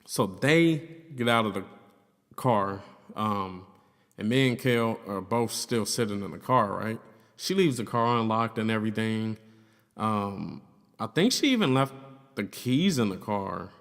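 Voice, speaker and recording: A man's voice: lowish voice, lively intonation, unhurried, fairly bright tone. A young man telling a story in casual vlog style, loose and profane, full of "like" and "you know what I'm saying". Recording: long reverb in the room.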